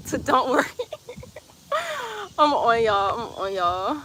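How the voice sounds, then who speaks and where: Playful, bright-voiced woman streaming outdoors. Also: on the high side, animated, unhurried, long pauses. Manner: playful, teasing, laughs often, repeats phrases. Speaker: livestreamer reading chat comments. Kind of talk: casual livestream chat. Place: outdoors in sunlight.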